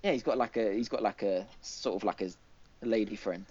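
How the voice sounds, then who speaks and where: A man's voice: lowish voice, fairly quick, a little mellow. A man co-hosting a gaming podcast, rambling through casual chat with lots of fillers and restarts. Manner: rambling, filler-heavy retelling with many restarts. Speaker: podcast co-host. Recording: dull lo-fi podcast audio.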